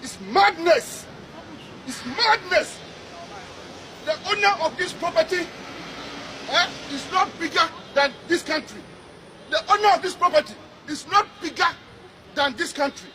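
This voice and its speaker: A man's voice: very high voice, normal speed, a crowd in the background. A man, a public official, angrily rebuking people outdoors by a road, repeating his phrases in indignation. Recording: noisy outdoor archive clip.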